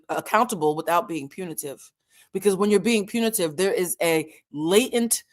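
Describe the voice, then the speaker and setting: A woman delivers a heated commentary straight to her audience in a middle-pitched voice. She lectures with conviction and keeps firing pointed rhetorical questions at her listeners. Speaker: commentary channel host. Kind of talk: direct-to-camera commentary rant.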